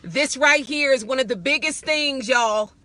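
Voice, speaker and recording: Middle-aged woman host preaching live, bright and high, fervent, calls out y'all. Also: measured pace, dry recording.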